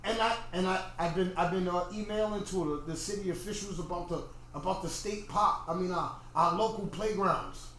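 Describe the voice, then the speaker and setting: Podcast host, middle-aged man, higher-pitched voice, animated rant, echoey room. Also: moderate pace, few pauses. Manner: animated ranting, repeats himself. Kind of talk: casual livestream monologue. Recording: very echoey room, faint noise.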